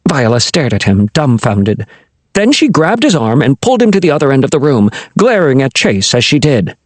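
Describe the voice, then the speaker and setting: Brief: man narrator for a kids' fantasy audiobook, husky tone, very lively pitch. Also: normal speed, no room sound. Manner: expressive storytelling. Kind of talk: scripted narration of a children's fantasy novel.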